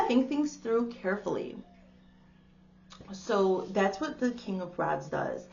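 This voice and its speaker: A woman's voice: medium pitch, big pitch swings, takes it slowly, creaky, lo-fi sound, a little hiss or hum. A woman giving a casual spiritual tarot reading to the camera. She talks in a chatty, exclaiming way and calls the listener darling. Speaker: tarot reader.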